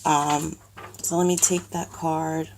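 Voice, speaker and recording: A woman's voice: low-pitched, level tone, takes it slowly, a little mellow, slight background noise. A woman with a New York accent filming a casual makeup tutorial at home, rambling with lots of ums and restarts, a little nervous on camera. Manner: self-conscious, says she is nervous on camera. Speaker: makeup vlogger. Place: cluttered bedroom at home.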